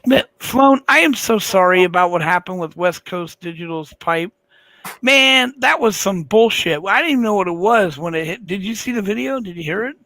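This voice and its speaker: Gravelly high-voiced man, rambling and profane. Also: lively intonation, moderate pace, pushed and bright, dry recording. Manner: profane, rambling, laughing storyteller. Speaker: livestream host. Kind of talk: casual late-night chat.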